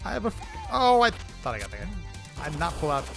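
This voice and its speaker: Man, game streamer, fairly high voice, very lively pitch, self-deprecating, chatty. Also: a little fast, vocal fry, over music. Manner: animated, laughing, self-deprecating, talks to chat. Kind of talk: live gameplay streaming chat.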